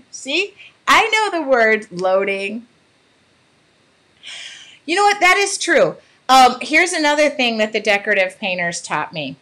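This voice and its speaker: A woman's voice: on the high side, big pitch swings, measured pace, pauses often, bright, forceful tone. A woman hosting a casual livestream about art, chatting with viewers and laughing often. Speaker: art channel host. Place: home art studio.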